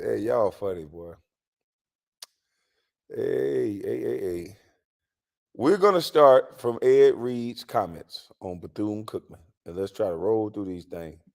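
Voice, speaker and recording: A man's voice: low-pitched, creaky, darkish tone. A man hosting a casual comedic livestream, rambling with lots of fillers and frequent laughter. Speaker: livestream host. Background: faint music in the background.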